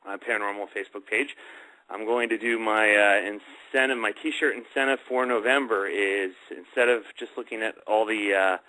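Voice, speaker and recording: A man's voice: on the low side, bright, forceful tone, poor audio. A man hosting a paranormal radio talk show, speaking casually with many fillers as he rambles.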